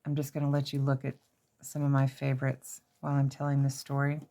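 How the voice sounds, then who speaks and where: A woman from Oklahoma with a low-pitched voice, talking casually in her craft room. She tells stories in an animated, excitable way and often jumps up into shrieky high notes. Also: brisk. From Oklahoma, USA. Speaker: crafter showing handmade pieces. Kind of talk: casual storytelling vlog.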